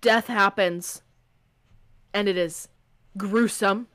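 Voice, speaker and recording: A woman's voice: mid-range voice, steady tone, slow, a bit bright, no room sound, clean studio sound. A young woman co-hosting a casual book podcast, acting out her reactions dramatically. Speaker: podcast co-host.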